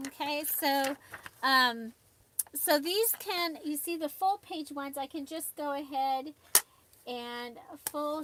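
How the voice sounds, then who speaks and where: A woman hosts a casual live stream from her craft desk, chatting with viewers, greeting them by name and laughing often. Her voice is high-pitched and fairly bright, with slight background noise.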